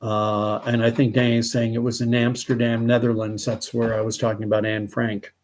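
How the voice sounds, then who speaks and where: A man's voice: mid-range voice, level tone, fairly quick, darkish tone, slight background noise. A man in his sixties from Canada, hosting a live stream, musing casually and greeting viewers with frequent fillers.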